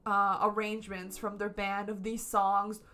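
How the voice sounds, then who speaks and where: A woman's voice: medium pitch, level tone, unhurried, pushed and bright. A woman streaming from home, reviewing a concert in a casual, gushing way and swearing freely. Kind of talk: casual excited review chat. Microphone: camera setup at home.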